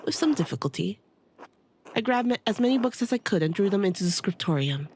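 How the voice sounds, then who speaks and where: A worn-out old hermit scholar, voiced by a woman reading game dialogue aloud, speaking in a subdued, halting way. The voice sits at an ordinary middle pitch with a faint hiss of noise behind it. His grief weighs on every line. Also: expressive, darkish tone, lightly acted. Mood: grieving. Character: weary grieving older male hermit scholar.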